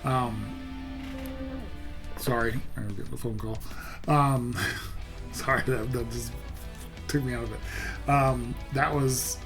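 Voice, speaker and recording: A man's voice: medium pitch, fairly even intonation, slow pace, pauses often. A man hosting a music reaction video, talking casually and earnestly, often stumbling, repeating and restarting his words. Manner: earnest and openly heartfelt.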